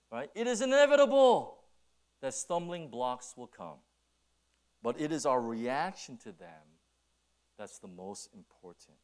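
A middle-aged man preaching a sermon as pastor, telling stories with many restarts and then slowing down to stress his points. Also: medium pitch. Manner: animated storytelling with many restarts, then slow emphatic preaching.

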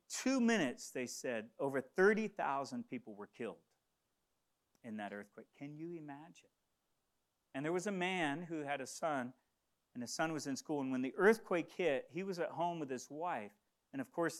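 A man preaching a sermon, telling a story with passion and calling on the congregation to respond. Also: fairly high pitch. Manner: impassioned, call-and-response with the congregation. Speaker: pastor.

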